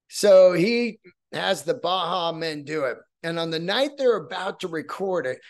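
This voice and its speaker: A man hosting a podcast, telling a story in a casual, profane, excitable way. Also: a little high. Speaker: podcast host.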